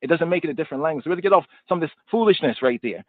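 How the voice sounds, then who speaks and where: A fairly high-voiced man teaches scripture on a live stream. He wanders between points, repeats words and drops in street slang. The sound is dry and tinny, like a phone line. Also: lively intonation, rapid-fire, dry recording. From United States. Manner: loose and digressive, repeating words and phrases; informal street slang mixed with scripture talk. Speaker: Bible study teacher.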